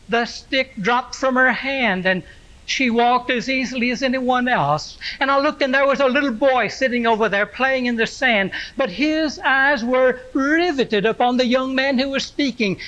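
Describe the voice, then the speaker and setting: A pastor delivering a slow, reflective first-person monologue as the apostle Simon Peter. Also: male voice, very high voice, bright, forceful tone, lo-fi sound. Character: Simon Peter, aging fisherman-apostle recalling his past.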